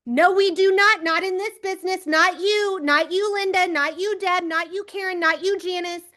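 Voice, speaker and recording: A woman leading a team training on a video call, giving an energetic pep talk and calling on people by name. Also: very high-pitched, moderate pace. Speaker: team leader coaching recruits.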